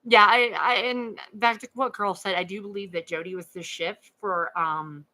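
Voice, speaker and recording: Halting, earnest woman hosting a livestream. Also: mid-range voice, fairly even intonation, sharp tone, poor audio. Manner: halting, repeats words while thinking; earnest, talks with many fillers. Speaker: true crime livestream host. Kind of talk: casual livestream chat reading viewer comments.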